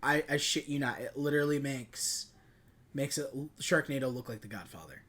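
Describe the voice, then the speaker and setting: A man's voice: mid-range voice, animated, normal speed, a bit bright. A man co-hosting a casual movie review podcast, rambling and searching for his words. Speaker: podcast co-host.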